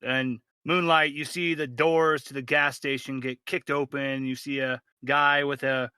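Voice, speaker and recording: A man's voice: mid-range voice, little pitch movement, unhurried, bright, forceful tone, clear, resonant tone, dry recording. A man running a tabletop game as game master, narrating casually with lots of swearing. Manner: casual, profane, rambling narration.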